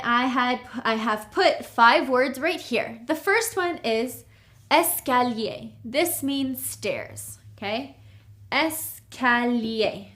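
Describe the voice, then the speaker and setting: A woman teaching a recorded language lesson, drilling words slowly and checking in with "okay?". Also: high-pitched, fairly bright tone. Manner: slow, clear drilling of words with frequent "okay?". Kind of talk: recorded lecture.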